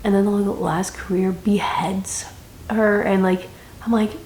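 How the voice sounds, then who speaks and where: A woman's voice: medium pitch, steady tone, unhurried, darkish tone. Chatty young woman reviewing a book. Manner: chatty, rambling, dramatic reactions. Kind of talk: casual book review vlog. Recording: echoey room with faint noise.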